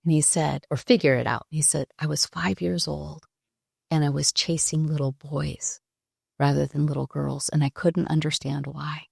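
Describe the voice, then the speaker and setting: A woman in her sixties, a podcast guest, telling a personal story in a halting, reflective way with pauses and restarts. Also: sits low, flat delivery, creaky, a little mellow, husky, no echo, clean studio sound.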